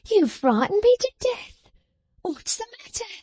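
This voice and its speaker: Woman putting on a shrill, spiteful young maidservant. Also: big pitch swings, takes it slowly, mellow, dry recording, heavily acted. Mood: gossipy, affected. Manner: sniffing, gushing, mock-astonished.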